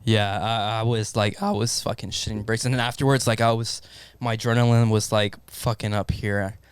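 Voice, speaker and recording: A man in a casual podcast chat, telling a story in an animated way and swearing constantly. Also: lowish voice, normal speed, smooth, no echo. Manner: animated, swears constantly, acts out his own panic. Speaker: podcast co-host.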